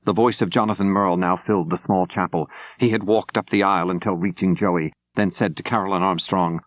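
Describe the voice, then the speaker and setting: An older man narrating an audiobook in a measured, clear storytelling manner, close to the microphone. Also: deep voice, fairly even intonation, dry recording. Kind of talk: scripted narration. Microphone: close studio mic.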